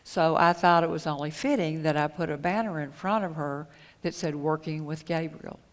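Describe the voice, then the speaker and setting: A middle-aged woman speaking at a conference, telling a personal story in an earnest, halting way and retelling conversations. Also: sits low, steady tone. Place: conference hall. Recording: echoey hall with long reverb.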